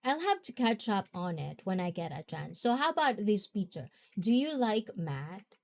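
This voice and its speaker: A woman's voice: medium pitch, sing-song, moderate pace, creaky. A young woman hosting a casual talk, rambling and chatty, often laughing. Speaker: host.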